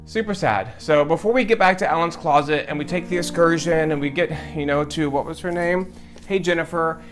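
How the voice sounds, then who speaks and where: A man's voice: a little high, brisk, faint music behind. A man, hosting his own show and talking with emotion and repeating phrases for emphasis. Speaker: host. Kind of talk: heartfelt direct-to-camera talk.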